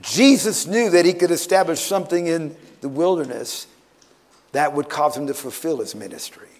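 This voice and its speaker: A man preaching a sermon at a conference, animated, swinging from loud bursts to hushed tones. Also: a little high, normal speed. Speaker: pastor. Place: conference hall, live audience.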